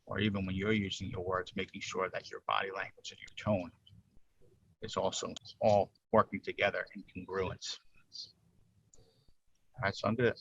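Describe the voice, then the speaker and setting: A man's voice: on the low side, creaky, a bit bright, highs cut off, a little hiss or hum. A man leading a workplace training workshop over a video call, explaining points casually and checking in with "right?". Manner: talks things through, asks "right?" often.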